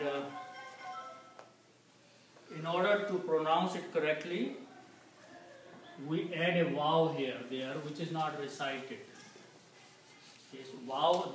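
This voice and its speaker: A man teaching an Arabic lesson, speaking slowly and repeating key words patiently. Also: fairly high pitch. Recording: very echoey room, distant mic, faint noise.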